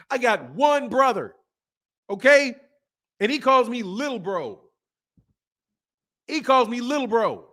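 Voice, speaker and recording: A man's voice: very high voice, big pitch swings, takes it slowly, pauses often, bright, forceful tone. A man hosting a boxing livestream, chatting casually, laughing often and mimicking other people. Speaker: boxing channel host. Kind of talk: livestream commentary, reading super chats.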